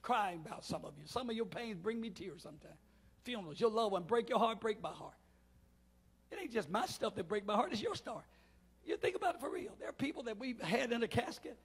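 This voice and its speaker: A middle-aged man, preaching a call-and-response sermon as pastor in a church, swinging between shouts and quiet asides. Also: high-pitched, animated, brisk, breathy edge. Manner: swings from shouting to near-murmur, preacher cadence. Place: church sanctuary.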